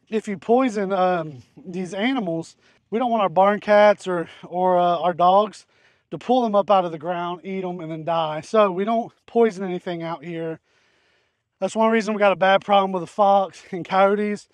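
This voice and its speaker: Outdoors in a hay field, a male farm channel host with a high-sitting voice explains pest control for his vlog in a folksy, rambling style full of fillers and restarts. The recording is dry.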